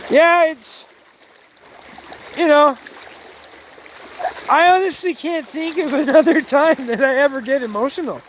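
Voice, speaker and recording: Casting: man, very high voice, unhurried reflective vlogger by a stream, faint outdoor hiss. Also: poor audio. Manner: slow, emotional musing, coaxing his dog. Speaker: vlogger walking his dog. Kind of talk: casual outdoor vlog.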